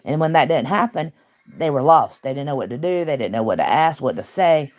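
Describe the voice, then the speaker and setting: A woman's voice: low voice, expressive, fairly quick, darkish tone. Blunt woman commentator. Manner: emphatic, blunt, talkative, with laughs. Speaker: online commentary host. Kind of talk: casual commentary talk.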